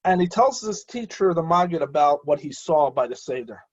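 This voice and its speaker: A rabbi telling a story in an animated way, pausing often with fillers and restarts, and acting out the voices of the people in it. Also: male voice, on the high side, highs cut off. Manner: hesitant with frequent fillers and restarts. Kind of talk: storytelling talk.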